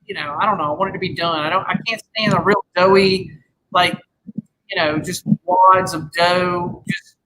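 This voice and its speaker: Rambling, cussing man with a bright voice. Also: sits high, fairly even intonation, moderate pace, slight background noise, rough recording. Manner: rambling, swears freely, many restarts. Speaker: podcast host. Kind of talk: casual chat.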